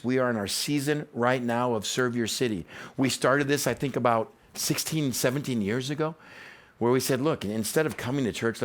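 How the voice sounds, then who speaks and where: A male teaching pastor delivering a sermon, telling stories in an animated way. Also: medium pitch. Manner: animated, storytelling.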